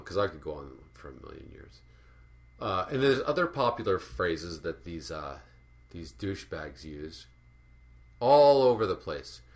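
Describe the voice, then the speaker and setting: A man delivering a rambling, profane, sardonic rant as an art commentary vlogger. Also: deep voice. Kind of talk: ranting monologue.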